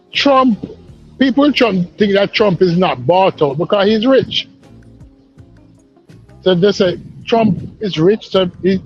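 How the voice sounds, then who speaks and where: Husky-voiced caller on dull lo-fi audio. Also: male voice, sits high. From Caribbean. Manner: earnest, lecturing, repeats himself. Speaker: caller on a live stream panel. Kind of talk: casual political discussion.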